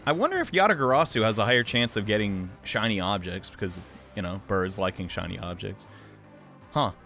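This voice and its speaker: A man casually talking over his gameplay, wry and sarcastic with a lively, bouncing delivery. His voice is bright and a little sharp, with faint music underneath. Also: on the low side, brisk. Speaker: let's play host.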